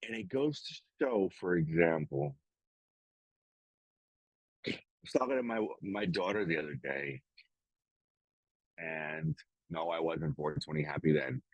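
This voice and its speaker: A man's voice: low voice, expressive, measured pace, gravelly, pauses often, husky, dry recording, rough recording. A middle-aged man co-hosting a podcast, talking bluntly in casual chat, swearing often and acting out the lines of others. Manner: blunt, heavy swearing, acts out quoted dialogue. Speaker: podcast co-host.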